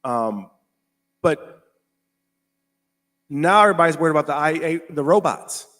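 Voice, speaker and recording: An American man hosting a casual commentary show, talking emphatically, repeating himself and slowing down to stress his points. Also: fairly high pitch, expressive, a bit bright. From United States. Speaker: host.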